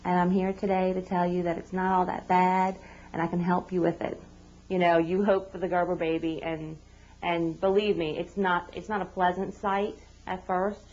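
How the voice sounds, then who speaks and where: Candid mother, low voice, dull recording. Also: flat delivery, normal speed, a little mellow. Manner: candid, heartfelt, with restarts. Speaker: mother of a newborn. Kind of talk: personal testimony. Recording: dull lo-fi video sound.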